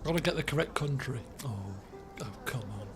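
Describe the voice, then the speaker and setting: A man streaming a geography guessing game, chatty and excitable, swearing and breaking into shouts when frustrated. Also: medium pitch, fairly quick, over music. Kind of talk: casual live-stream commentary while playing a geography guessing game.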